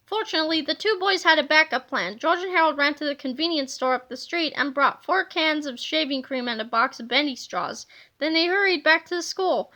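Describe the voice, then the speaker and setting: A woman reading a children's book aloud in an animated storybook manner. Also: high voice, brisk. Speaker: reader.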